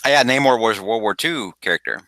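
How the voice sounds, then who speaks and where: A man with a lowish voice and a very bright, forceful edge, talking casually on a podcast. He rambles, restarts his sentences and chuckles through his summaries. The sound is close and dry. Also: lively intonation, fairly quick, dry recording. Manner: rambling, self-interrupting, laughs while summarizing. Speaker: podcast host.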